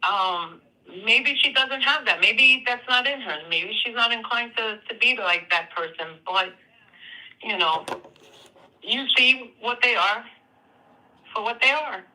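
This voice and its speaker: A speaker on a live call-in stream, chatting casually in a hesitant, measured way with many fillers. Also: medium pitch, bright, forceful tone, poor audio. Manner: hesitant, measured, full of "you know" and "um". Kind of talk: casual chat.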